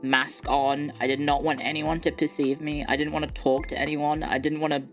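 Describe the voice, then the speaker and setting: A young woman streamer telling a story in a hesitant, low-key way, full of fillers. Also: flat delivery, fairly quick, faint music behind.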